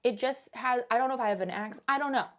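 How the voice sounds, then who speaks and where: Woman, young adult, slightly high pitch, casual upbeat vlog chat, explaining finds. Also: very fast. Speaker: thrift reseller vlogger.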